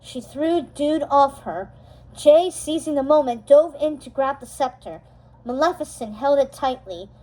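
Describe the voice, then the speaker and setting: A woman reading a storybook chapter aloud, steady and expressive, slowing down for dramatic moments. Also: high-pitched, rough recording. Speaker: storybook reader. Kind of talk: storybook read-aloud narration.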